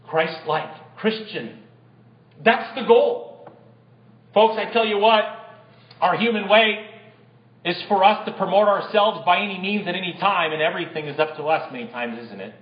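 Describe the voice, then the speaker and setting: A male pastor delivers a sermon in a high, light voice. His words carry through a roomy space, and the recording sounds a little dull. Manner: preaching, reads a hymn aloud with swelling emphasis.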